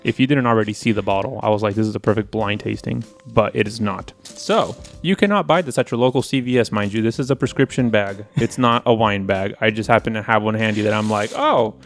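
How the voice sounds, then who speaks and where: A man co-hosting a casual podcast, telling stories in an animated, profane way and acting out his own quotes. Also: lowish voice, quick pace, hardly any pauses, soft background music. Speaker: podcast co-host, wine presenter. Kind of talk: casual chat.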